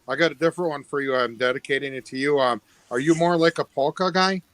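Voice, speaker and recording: A man's voice: a little high, fast, fairly bright tone, no echo. A man joining a casual live video chat as a guest, speaking in an easygoing way with small fillers. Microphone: video call.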